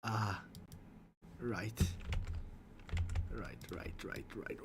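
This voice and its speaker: Excitable young man streaming, lively voice. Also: high-pitched, unhurried, noisy background. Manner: excitable, swings into loud shrieks and mutters. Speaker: VTuber streamer. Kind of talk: casual stream chat, reading chat aloud.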